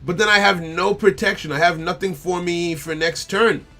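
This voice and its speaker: A fairly high, bright-toned man talks through his turns in a live card game stream. He mutters his options, repeats lines over and over as he decides, and speaks straight to his opponent and viewers, with soft music underneath. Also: fairly even intonation, moderate pace. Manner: thinks aloud, repeats phrases, talks to the opponent and chat. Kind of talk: casual live-stream commentary. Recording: faint music behind the voice.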